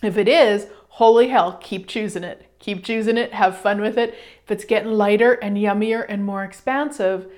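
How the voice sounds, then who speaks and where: A woman hosting a radio show, giving a casual motivational talk in an animated way, acting out little quoted exchanges and swearing now and then. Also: mid-range voice, normal speed.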